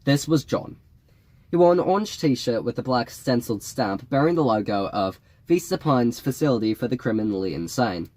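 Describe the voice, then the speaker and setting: Man, audiobook narration, wry and measured delivery, mid-range pitch, dry close recording. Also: lively intonation, darkish tone, no echo. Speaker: audiobook reader.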